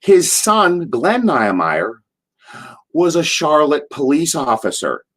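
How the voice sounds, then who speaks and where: An older man and former wrestler, a guest in an interview, spinning long anecdotes with lively restarts and repeated words. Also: mid-range voice. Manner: animated retelling with frequent restarts and repeated words. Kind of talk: anecdotal storytelling.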